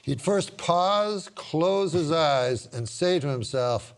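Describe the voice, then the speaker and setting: A man hosting a talk show, chatting casually, reading jokes off cards, halting and laughing a lot. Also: on the high side, lively intonation, clear, resonant tone.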